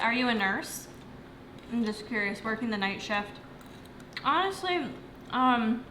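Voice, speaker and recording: A young woman fitness coach with a fairly high, slightly bright voice eats while casually answering viewer questions on a livestream, using lots of fillers. She's at home near the kitchen, and the echoey recording has a little hiss or hum.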